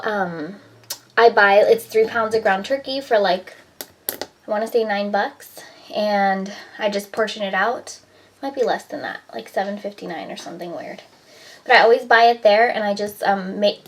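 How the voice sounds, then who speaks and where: A woman talks casually as she cooks in her home kitchen. She rambles from one thought to the next and fills her speech with "like" and "um". She has a relaxed, everyday vlogging manner. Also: mid-range voice, rough recording. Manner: chatty, rambling, heavy use of "like" and "um". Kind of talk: casual vlog chat.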